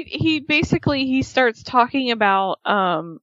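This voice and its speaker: A woman's voice: high-pitched, normal speed, few pauses, dry recording. A woman co-hosting a radio podcast, recapping a reality show in casual chat and acting out the people she quotes. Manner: animated, acts out quoted voices. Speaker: podcast co-host. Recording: dull lo-fi dry sound.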